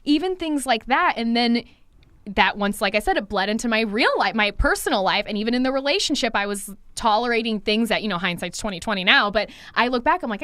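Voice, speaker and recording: A woman's voice: a little high, expressive, fast talker, a bit bright, dry recording, studio quality. A woman hair stylist and coach talking candidly in a podcast conversation, swearing freely and acting out past exchanges with clients.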